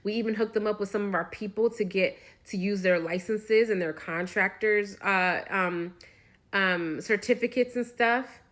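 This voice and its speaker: A woman's voice: mid-range voice, moderate pace, fairly bright tone. A woman giving opinionated, rambling casual commentary.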